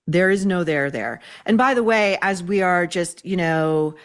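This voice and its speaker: A woman's voice: on the low side, lively intonation, measured pace. A woman giving blunt, scathing podcast commentary.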